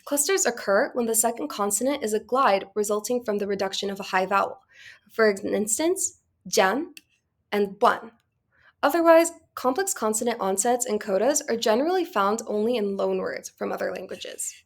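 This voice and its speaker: Young female student presenter giving a scripted class talk at a steady pace. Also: mid-range voice, moderate pace. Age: young adult.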